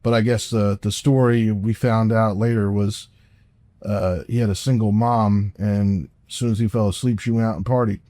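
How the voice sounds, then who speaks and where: Low, mellow-voiced man telling a story. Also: flat delivery, moderate pace, no echo. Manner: rambling, swears casually, restarts often. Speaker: podcast co-host. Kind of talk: casual storytelling chat.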